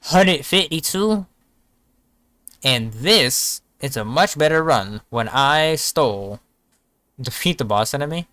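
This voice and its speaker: A man's voice: mid-range voice, fairly bright tone, smooth, no echo. A man giving casual, joking gameplay commentary, often talking to himself as he plays. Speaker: streamer.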